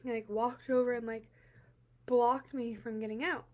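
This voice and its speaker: Halting, tearful young woman, high-voiced. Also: flat delivery. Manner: halting, full of "like" fillers, swinging from quiet to loud. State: teary-eyed. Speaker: vlogger. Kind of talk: personal account to camera.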